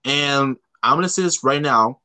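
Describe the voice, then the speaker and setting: A man's voice: mid-range voice, moderate pace, sharp tone, clear, resonant tone. A man from Canada hosting a casual podcast chat, rambling with lots of fillers and restarts. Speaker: podcast host.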